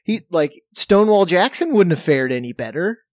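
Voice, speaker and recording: A man's voice: high-pitched, normal speed, no room sound, studio quality. A man, a comedian guest on a podcast, trading wry jokes in casual banter. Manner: wry, animated, playful.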